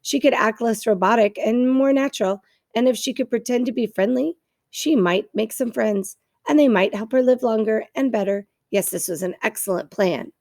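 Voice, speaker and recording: A woman reading a children's novel aloud in a steady storytelling manner, with occasional small stumbles. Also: fairly high pitch, normal speed, gravelly, dry recording, clean studio sound. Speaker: reader.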